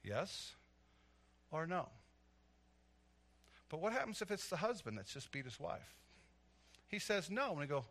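A middle-aged man preaching a sermon, telling stories with animated energy that swells into loud, emphatic preaching. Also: fairly high pitch, moderate pace, long pauses. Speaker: pastor.

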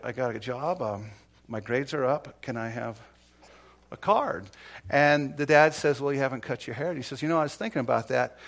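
A middle-aged man preaching a sermon, telling stories from his time as a police negotiator, dropping to a low confiding tone and then building to loud, rising exhortation. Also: creaky. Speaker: pastor, former police negotiator. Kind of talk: sermon with storytelling. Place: church.

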